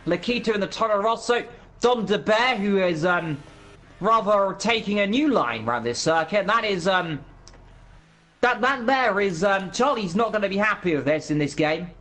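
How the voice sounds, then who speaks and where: A man's voice: high voice, expressive, moderate pace, pushed and bright. A man giving live commentary on an esports racing event, walking through the track with playful energy.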